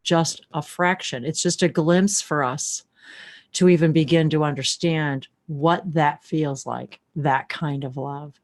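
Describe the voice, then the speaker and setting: A woman's voice: low voice, steady tone, a little slow, a little mellow. A woman hosting a live-stream chat, talking in a gushing, rambling way with many restarts and breaking into channeled light language. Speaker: host.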